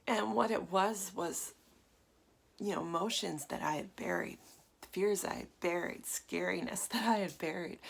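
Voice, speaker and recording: Soft-spoken gravelly woman in her forties. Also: on the low side. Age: 40s. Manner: soft, confiding, with frequent fillers and laughs. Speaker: meditation teacher. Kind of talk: casual spoken talk.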